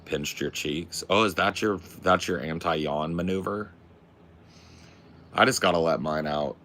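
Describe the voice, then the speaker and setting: A man's voice: deep voice, unhurried, pushed and bright, a little hiss or hum. A young adult man from the Pacific Northwest, streaming and chatting casually with his viewers in a laid-back, slangy way that is full of swearing. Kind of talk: casual livestream chat.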